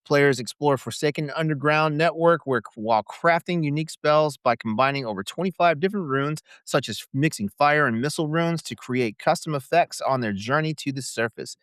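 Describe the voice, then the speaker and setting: Smooth-voiced podcast co-host man. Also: fairly high pitch, normal speed, few pauses, dry recording, studio quality. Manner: relaxed, reads descriptions with small stumbles. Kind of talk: casual chat and reading game blurbs.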